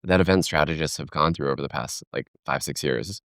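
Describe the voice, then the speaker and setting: Deep-voiced animated man, keynote speaker. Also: brisk, creaky, no echo, studio quality. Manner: animated storyteller, acts out quoted voices. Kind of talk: conversational podcast interview.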